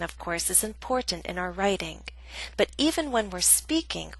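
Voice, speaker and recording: Slow, deliberate woman teaching English grammar. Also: medium pitch, pushed and bright, no echo, low-quality recording. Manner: slow, deliberate, clearly enunciated. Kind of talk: scripted instructional narration.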